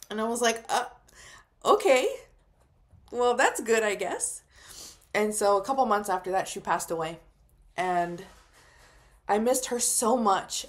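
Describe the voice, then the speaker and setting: Chatty woman telling a personal story. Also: medium pitch. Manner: casual and emotional, many "like" fillers. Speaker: psychic medium.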